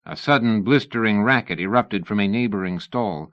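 A man giving steady scripted audiobook narration in a dull lo-fi recording. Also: lowish voice, normal speed, few pauses, no echo.

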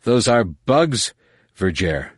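A man reading a stubborn, defiant young man in an audiobook, speaking tense and pleading, a little higher and louder than his narration. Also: sing-song, moderate pace, no echo, clean studio sound, close to an everyday voice.

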